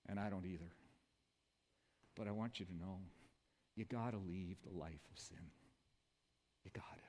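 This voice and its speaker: A preacher plays a gentle male teacher from a Bible story, his voice dropped low and hushed. He sounds slow, intimate and earnest, compassionate but direct. The long reverb of a church hall hangs on every word. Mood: tender, earnest.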